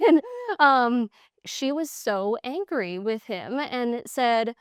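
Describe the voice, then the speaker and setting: A young woman with a smooth, clear, fairly high voice tells stories in a relaxed interview. She acts out the people she quotes and laughs easily. The recording is dry and close. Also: takes it slowly, dry recording. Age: young adult. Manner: animated storytelling, acts out quoted exchanges, laughs often. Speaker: guest, hunter. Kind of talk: casual interview chat.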